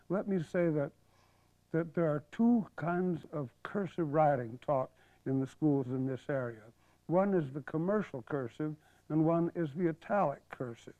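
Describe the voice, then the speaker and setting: An older man, a calligraphy teacher, giving a patient televised lesson and murmuring softly while he writes. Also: on the high side, dry recording. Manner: patient, explanatory, drops to a murmur while writing. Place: studio. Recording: dull 1970s broadcast TV audio.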